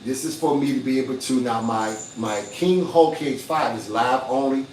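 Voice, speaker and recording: A man's voice: medium pitch, moderate pace, darkish tone, distant mic, slight background noise. An older man hosting a casual livestream, boastful and hustling, with a preachy streak. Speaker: livestream host. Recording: echoey room, off-mic.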